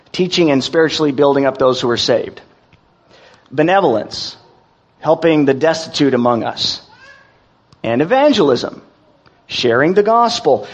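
A man preaching a sermon in a folksy, halting way, with many restarts as he tells jokes and reads verses. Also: high-pitched, slightly rough. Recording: dull lo-fi recording.

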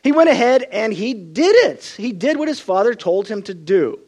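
Guy preaching a sermon, high voice, really animated, tells stories. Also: moderate pace. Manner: expressive storytelling, acts out quoted voices.

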